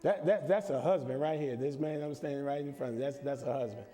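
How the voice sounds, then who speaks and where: A man's voice: medium pitch, fairly quick, warm tone. A middle-aged man preaching a sermon, leading call-and-response and joking with the congregation. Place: large church. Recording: long church reverb, congregation behind.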